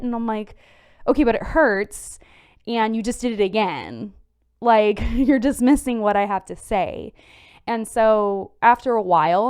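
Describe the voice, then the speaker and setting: A woman's voice: mid-range voice, clear, resonant tone. A tired woman hosting a podcast, giving frank, conversational advice and repeating points for emphasis. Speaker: podcast host.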